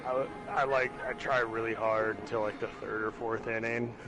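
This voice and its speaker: A man chatting casually while gaming, laid-back and quick to laugh. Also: lowish voice, flat delivery, over music.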